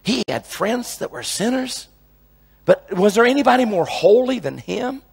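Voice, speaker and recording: A man's voice: high voice, sing-song, moderate pace, vocal fry, breathy edge. A male preacher teaching a sermon in an emphatic way, often repeating phrases and restarting his sentences.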